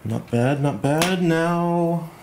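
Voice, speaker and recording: A man walking through a model glider build at home at night, thinking aloud in a relaxed, self-deprecating way. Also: a little high, drawn-out words, noisy background. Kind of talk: hands-on build tutorial.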